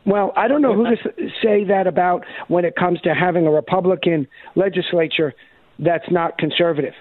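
A man holding forth on talk radio with emphatic, sarcastic conviction. His voice sits high for a man and the sound is dry, close and thin like a phone line. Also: normal speed, no echo. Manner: emphatic, sarcastic, animated quoting. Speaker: radio talk show co-host. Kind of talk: opinionated talk radio monologue.

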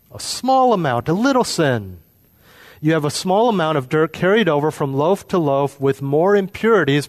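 A man preaches a sermon, his voice sitting a little higher than most men's. He explains his point through kitchen and household examples and often stops to ask the listeners if they follow. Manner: explains with homely examples, asks the listeners questions. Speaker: pastor.

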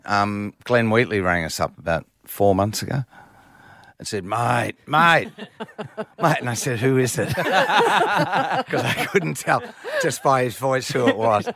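Low-voiced Australian man, rambling guest. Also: a bit bright, no echo, studio quality. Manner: rambling, hesitant storytelling. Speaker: musician guest. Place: radio studio.

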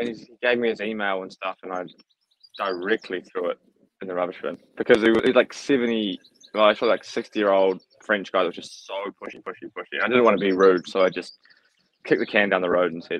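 New Zealand man, low voice, dry close sound, groggy and laid-back podcast storyteller. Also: brisk, no room sound, dull audio. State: groggy after a nap. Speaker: pro cyclist and co-host. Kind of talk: casual podcast chat.

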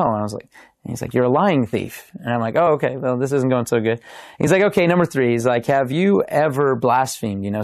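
Young man, gravelly, dry close mic; animated testimony with quoted dialogue. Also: medium pitch, no echo. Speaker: podcast guest. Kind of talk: casual testimony storytelling.

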